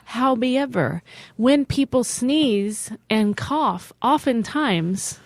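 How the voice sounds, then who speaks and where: A woman's voice: a little high, animated, drawn-out words, dry recording. Woman co-host telling a story, chatty and a bit dramatic, dry sound. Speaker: podcast co-host. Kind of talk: comedic podcast banter.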